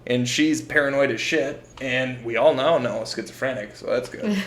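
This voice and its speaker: A man's voice: mid-range voice, moderate pace, fairly bright tone, echoey room. A young man co-hosting a podcast, telling a story in a casual, profane way and acting out the quotes. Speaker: podcast co-host.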